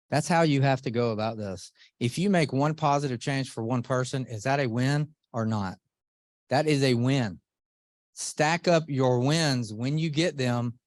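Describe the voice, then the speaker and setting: A man's voice: medium pitch, normal speed, no room sound. Earnest man rallying a room. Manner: earnest, animated, addresses audience directly with questions. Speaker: motivational speaker. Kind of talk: motivational talk to a live group.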